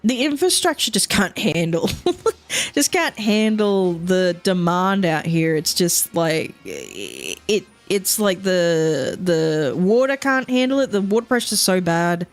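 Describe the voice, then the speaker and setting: A woman's voice: on the low side, very animated, slow pace, soft background music. A woman, chatting casually on a gaming stream and rambling, swearing and laughing often.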